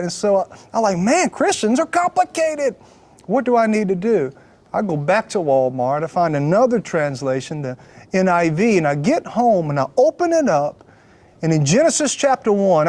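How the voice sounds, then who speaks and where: A man with a high voice preaches his testimony as a lively story. He acts out what people said and drops in sarcastic jokes. Faint music plays underneath.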